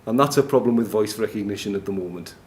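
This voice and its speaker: A man's voice: lowish voice, quick pace, a little mellow. A man speaking at a conference, giving a chatty live tech demo in a noisy, echoey room. He jokes, laughs often and fills gaps with ums.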